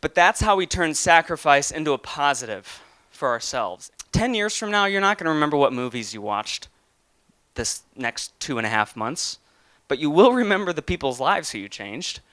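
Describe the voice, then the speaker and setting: A man's voice: fairly high pitch, big pitch swings, normal speed, fairly bright tone, no room sound. A young man giving an earnest motivational talk and telling a personal story, with some restarts. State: getting emotional. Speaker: motivational speaker.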